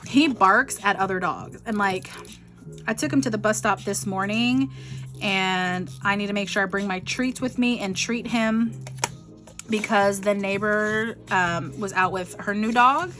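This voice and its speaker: A woman's voice: medium pitch, unhurried, fairly bright tone, faint music behind. A middle-aged woman telling a rambling, frustrated story in a casual vlog, full of likes and ums. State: frustrated, near tears. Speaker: vlogger.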